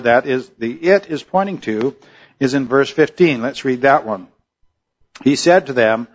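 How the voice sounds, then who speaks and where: A male pastor delivers a sermon at an unhurried, teaching pace, leaning on important words and stretching them out. His voice sits in an ordinary middle register. The recording is slightly dull and lo-fi. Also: medium pitch. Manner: measured teaching tone, stretching key words slowly.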